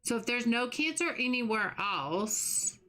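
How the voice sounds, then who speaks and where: A woman's voice: a little high, expressive, a little slow. Chatty, sympathetic woman streaming a game. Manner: warm, sympathetic, chatty with restarts. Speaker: livestream host. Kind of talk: casual chat while gaming, reading chat.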